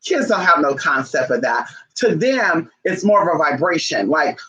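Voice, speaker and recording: A man's voice: sits high, sing-song, moderate pace, a bit bright, poor audio. A man chatting casually to camera in a sassy, chatty way, calling his viewers honey and girl, and breaking off now and then to scold his pets. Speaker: vlogger. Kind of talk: casual talking-to-camera chat.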